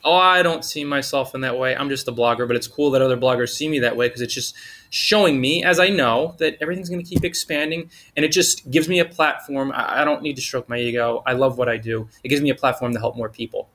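A man's voice: medium pitch, fast talker, a bit bright. A man giving an upbeat, informal motivational talk on blogging, full of slang and enthusiasm. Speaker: blogging coach.

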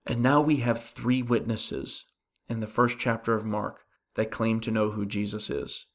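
A man's voice: on the low side, level tone, measured pace. A pastor delivering a conversational sermon on a Bible passage, asking the listeners questions and often restarting his sentences. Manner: earnest, asks the listeners rhetorical questions; frequent restarts while thinking aloud.

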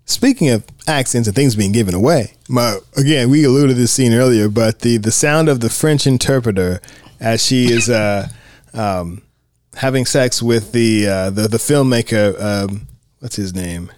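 Casting: man, mid-pitched, chatty podcast co-host, dry voice. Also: normal speed, darkish tone, no echo. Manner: chatty, repeats words as he talks. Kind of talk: casual film discussion.

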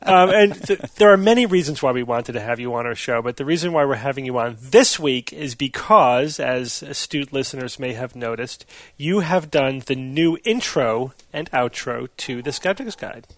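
A man's voice: medium pitch, expressive, moderate pace, dry recording. Easygoing middle-aged man hosting. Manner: easygoing, laughs often while hosting. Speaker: podcast host. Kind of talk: hosting a podcast panel.

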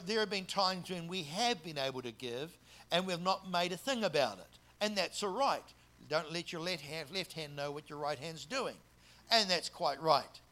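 A man preaching a sermon, emphatic, swinging between loud stressed words and soft asides, sometimes drawing out key words. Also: fairly high pitch.

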